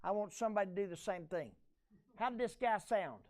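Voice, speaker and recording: A man's voice: high voice, fairly quick. A male pastor, preaching a conversational sermon and drawing his congregation in with questions. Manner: folksy, conversational preaching with audience call-and-response.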